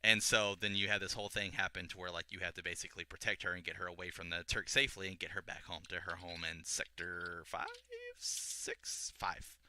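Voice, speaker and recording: A man's voice: sits low, little pitch movement, fairly quick, pushed and bright, slight background noise. A young man casually retelling a video game story to a friend, rambling with restarts and acting out the characters' lines. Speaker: podcast co-host explaining a game story.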